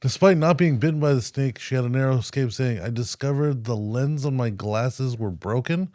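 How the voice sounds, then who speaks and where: A man's voice: medium pitch, moderate pace, dry recording, studio quality. A man co-hosting a podcast, telling a news story in casual, profane, joking chat. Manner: profane, animated storytelling with mock voices. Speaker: podcast co-host.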